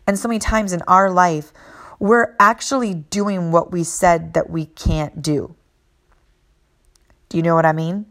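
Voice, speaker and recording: A woman who is a mother and fitness coach, telling a motivational story in an earnest, emphatic way and repeating key phrases. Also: mid-range voice.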